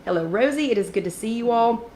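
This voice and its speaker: A woman's voice: a little high, lively intonation, fast talker, dark tone. A chatty woman hosts a casual live chat, stopping often to greet viewers by name. Her throat sounds a little scratchy from allergies. The room is echoey, with faint background noise. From East Tennessee. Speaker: host of a live wellness chat.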